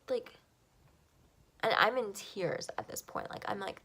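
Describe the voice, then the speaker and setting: A young woman talks straight to the camera and tells her own story, full of "like" and "um" and clearly emotional. Her voice sits a little low and carries a heavy gravelly fry. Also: little pitch movement, a little fast. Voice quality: gravelly creak. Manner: emotional, frequent "like" and "um" fillers. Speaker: vlogger.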